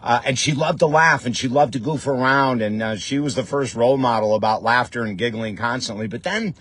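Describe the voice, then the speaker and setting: A man's voice: mid-range voice, a little fast, a bit bright, dry recording. A man hosting a podcast in a casual, enthusiastic monologue, with frequent fillers and restarts. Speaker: podcast host.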